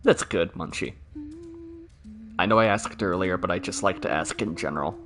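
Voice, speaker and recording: A man's voice: sits low, normal speed. A man streaming a video game, joking sarcastically and chatting with viewers. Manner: joking, sarcastic, talks to chat. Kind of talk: casual game commentary.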